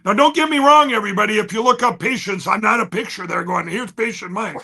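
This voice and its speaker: High bright-voiced excited man. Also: creaky. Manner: fast, restless, repeats and restarts, swings loud and soft. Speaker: guest. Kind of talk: excited conversational storytelling.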